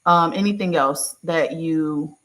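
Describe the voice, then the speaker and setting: Relaxed, chatty spiritual reader, affectionate, mid-pitched, casual reading-session talk. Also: slow pace. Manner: affectionate, uses terms of endearment.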